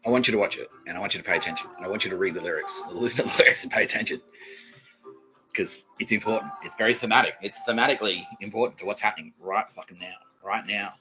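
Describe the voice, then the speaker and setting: A man's voice: fairly low pitch, rapid-fire, over music. A man hosting a podcast, rambling through a profane comedic monologue and laughing mid-sentence, in a slightly muffled recording. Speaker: podcast host.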